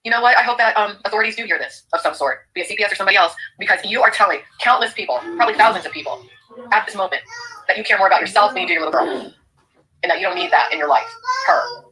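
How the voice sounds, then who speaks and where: A woman's voice: mid-range voice, animated, very fast, sharp tone, low-quality recording. A woman giving indignant reaction commentary on a stream clip, lecturing the viewers.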